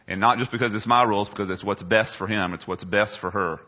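A man's voice: on the low side, fairly even intonation, quick pace. A middle-aged man preaching a sermon in a conversational way, putting questions to the congregation. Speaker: pastor. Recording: dull lo-fi sound.

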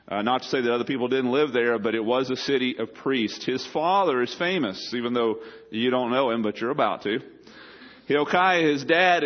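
A man's voice: mid-range voice, lo-fi sound. A man preaching a sermon as a pastor, talking in a conversational way with joking asides to the congregation.

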